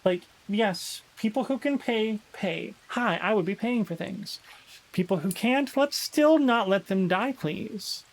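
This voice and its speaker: A high-pitched man chatting his way through a survival game on a live stream. He reads found journal entries aloud with theatrical emphasis, then drops back into loose, chatty commentary. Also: lively intonation, unhurried, low-quality recording.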